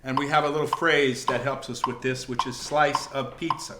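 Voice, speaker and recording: A man teaching jazz piano improvisation, explaining in a calm, measured way. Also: mid-range voice, very noisy. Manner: calm, measured explaining with scat syllables and counting. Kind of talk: music lesson explanation.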